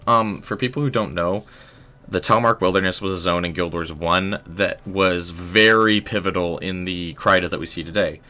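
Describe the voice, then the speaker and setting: Young guy chatting thru a game stream, low voice but bright, lots of ums and likes. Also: normal speed. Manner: relaxed, rambling, full of "um" and "like". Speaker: livestream host. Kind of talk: casual game livestream commentary.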